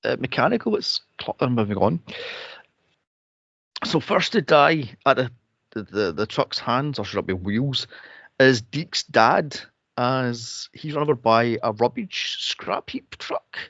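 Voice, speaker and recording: Man, gravelly voice, lively sarcastic chat, dull dry lo-fi audio. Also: takes it slowly, no echo. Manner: sarcastic, profane, mocks with shrill impressions. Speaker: podcast co-host reviewing a film. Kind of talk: casual chat.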